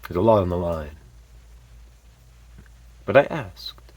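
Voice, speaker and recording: A man telling a personal story in a candid, animated way, with frequent fillers and sudden swear words. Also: low-pitched, takes it slowly, slightly rough, no room sound. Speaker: vlogger.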